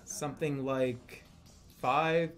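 A man streaming live in casual banter, joking, laughing often, swearing and bursting into shouts. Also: medium pitch, fairly even intonation, extremely slow.

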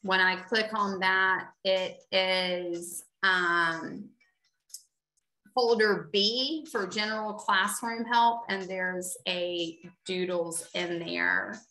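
A chatty woman hosting a teacher workshop over a video call talks slowly in a bright, forceful voice. She gushes and rambles a little between speakers. Her voice rings out in an echoey room. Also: mid-range voice. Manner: chatty, gushing, unhurried. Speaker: session moderator. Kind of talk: casual online workshop hosting.

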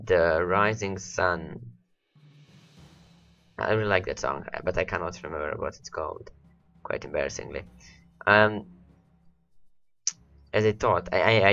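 Low, gravelly-voiced man with worn voice. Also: pushed and bright, lo-fi sound. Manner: rambling, repeats words, talks to his game units. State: voice worn and cracking from hours of talking. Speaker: let's play host. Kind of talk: rambling gameplay commentary.

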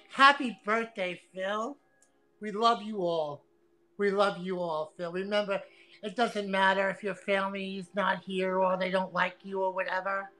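A woman livestreaming an angry, profane rant, taunting and repeating herself with loud outbursts. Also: medium pitch, rough recording.

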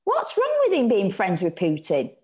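A woman voicing a protective, excitable young working-class mother with a shrill, emphatic delivery. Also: normal speed. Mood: chatty.

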